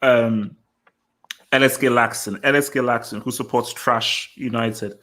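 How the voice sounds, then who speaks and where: A man hosts a casual live football chat and talks over the others to cut them off. He reads viewer comments aloud and mocks rival fans. He sits at a mid pitch for a man. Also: a little slow. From lives in England. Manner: animated, mocking, interrupts with repeated "wait". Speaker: football show host.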